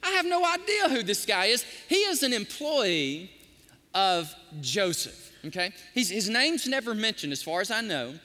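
Animated preacher in a reverberant hall. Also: male voice, high-pitched, normal speed. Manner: animated preaching, sometimes softly sings hymn lines. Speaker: pastor. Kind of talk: sermon.

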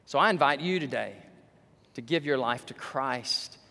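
A man preaches animatedly from a church sanctuary, his voice falling low and slow before surging into loud, high-pitched exclamations. There is vocal fry, and the room leaves a long reverb tail.

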